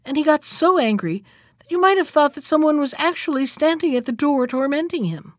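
A woman storyteller reads a fairy tale aloud, expressive and measured, her voice sitting a little high. The sound is dry and close to the mic. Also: no room sound.

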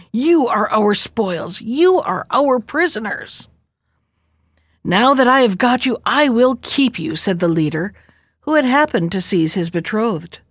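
Expressive woman reading a folk tale. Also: a little high, no echo, clean studio sound. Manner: expressive storybook narration. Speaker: storyteller.

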